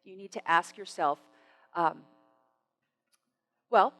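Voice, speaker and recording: A woman's voice: mid-range voice, takes it slowly, low-quality recording. A middle-aged woman giving a motivational stage talk, telling stories animatedly and acting out the dialogue. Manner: animated storytelling, acts out dialogue. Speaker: speaker. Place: stage before an audience.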